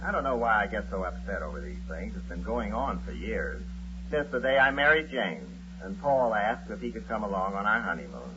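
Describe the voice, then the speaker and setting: An actor playing a long-suffering, sardonic husband who also narrates, in a 1940s radio comedy. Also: male voice, lowish voice, big pitch swings, fairly quick. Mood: wry narration. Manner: dry and sardonic, wisecracking narration. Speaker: narrator and lead. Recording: dull old radio broadcast with loud hiss.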